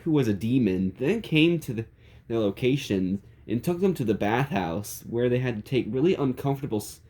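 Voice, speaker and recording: A man's voice: medium pitch, mellow. A man narrating a silly comedic story in a playful, chuckling way.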